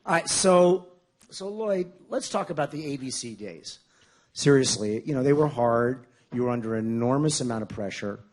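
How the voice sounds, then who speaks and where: A man's voice: medium pitch, expressive, normal speed. Chatty male interviewer introducing a guest. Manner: chatty, loose, with fillers and restarts. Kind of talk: onstage interview.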